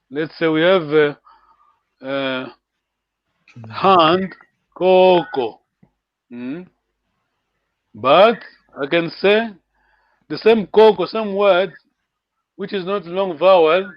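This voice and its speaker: A man's voice: fairly high pitch, expressive, slow, pauses often, no echo, dull audio. A man teaching a language class online, patiently correcting his students' pronunciation.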